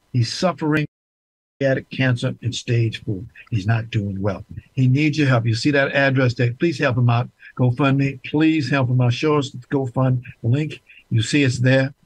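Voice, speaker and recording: A man's voice: medium pitch, husky, dry recording, rough recording. A man hosting a talk show, speaking emphatically and repeating key points for viewers.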